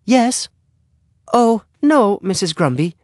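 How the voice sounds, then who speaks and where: A man doing a high, brisk mother voice. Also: very animated, darkish tone, no room sound, studio quality, full character voice. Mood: polite dismay. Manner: high, calling out.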